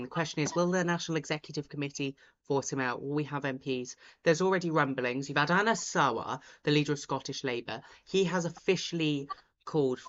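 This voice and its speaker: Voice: medium pitch, a bit bright. Host, chatty rambling results commentary from home, muffled lo-fi audio. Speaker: host of a live results stream. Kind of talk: casual live commentary. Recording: dull lo-fi sound.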